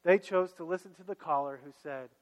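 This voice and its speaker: A man's voice: on the high side, a little fast, in a large hall, rough recording. A man, a pastor, preaching a sermon in church and repeating key phrases as he urges the congregation on.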